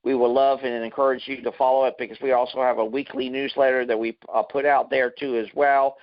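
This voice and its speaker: A man's voice: mid-range voice, flat delivery, a little fast, highs cut off. A man as a talk radio guest, eager and promotional, often repeating himself.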